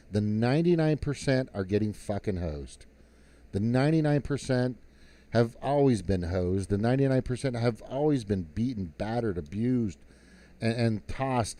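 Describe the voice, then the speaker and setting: A man's voice: medium pitch, warm tone, dry recording. A man on a live stream, telling a rowdy story in casual, profane talk that turns into a heated political rant.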